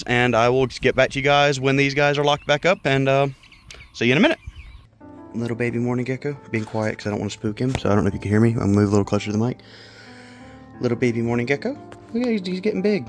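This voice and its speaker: A man vlogging about his exotic pets, rambling on and chatting to the animals as he goes. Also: medium pitch. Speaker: exotic pet breeder and vlogger. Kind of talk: casual rambling vlog, walking around animal enclosures. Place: outdoors in a yard with animal pens, partly indoors at reptile tanks.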